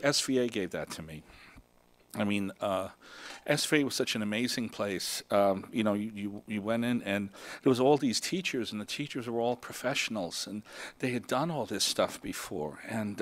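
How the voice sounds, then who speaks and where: An older man from Brooklyn, New York, giving an emotional acceptance speech at a festival, rambling with many fillers. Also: on the low side. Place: festival stage.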